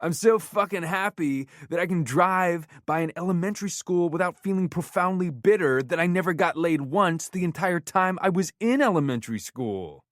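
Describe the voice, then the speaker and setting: A man's voice: sits high, expressive, moderate pace, hardly any pauses, no room sound, studio quality, pitched above the performer's own voice. A man voicing a brash, crude male celebrity comedian in an audiobook, bragging and cocky. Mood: joking bit.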